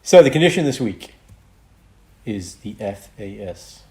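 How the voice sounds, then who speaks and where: A man who is a doctor and podcast co-host, explaining a medical condition in a casual, lively chat. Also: on the low side, a little slow. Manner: explains medical topics, lively, slips into mock accents.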